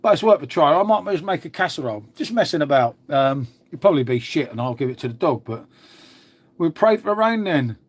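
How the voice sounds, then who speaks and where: A middle-aged Englishman hosts a live stream and reads out comments as he goes. He talks bluntly and matily and swears freely. His voice sits a little higher than most men's. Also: expressive, fairly quick, husky. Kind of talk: casual live chat reading comments.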